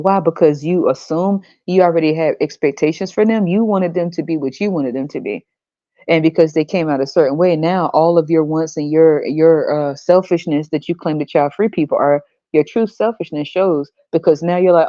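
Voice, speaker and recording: A woman hosts a podcast and rants bluntly, swearing freely. Her voice is low and mellow. The recording is dry and a little dull. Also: normal speed, dry recording. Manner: blunt, profane, ranting. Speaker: podcast host. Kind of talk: ranting podcast monologue.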